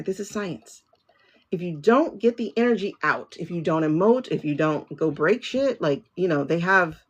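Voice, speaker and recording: A woman's voice: sits low, fairly bright tone, slightly rough. A woman hosting a spiritual livestream, chatting casually and talking straight to her viewers. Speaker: livestream host, tarot reader.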